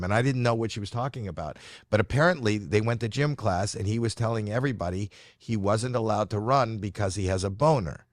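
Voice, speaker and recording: A man's voice: fairly low pitch, quick pace, hardly any pauses, dry recording, clean studio sound. A middle-aged comedian telling a story as a podcast guest, rambling and playful, often breaking off his own sentences. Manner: rambling, self-interrupting, playful. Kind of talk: casual storytelling.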